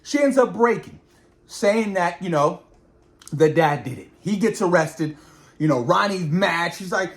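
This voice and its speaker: A man recapping a horror episode in an animated, slangy way, often repeating words for emphasis. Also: high voice, moderate pace. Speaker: show reviewer. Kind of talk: reaction recap.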